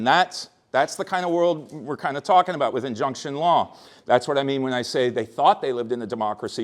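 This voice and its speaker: A man, a history professor, giving an informal workshop lecture in a rambling, conversational way, full of restarts and checks like "right?". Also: mid-range voice.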